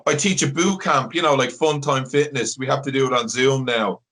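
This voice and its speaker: A man's voice: mid-range voice, moderate pace, a bit bright. A man hosting a podcast, chatting casually, enthusiastic and sweary. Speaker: podcast host. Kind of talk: casual chat.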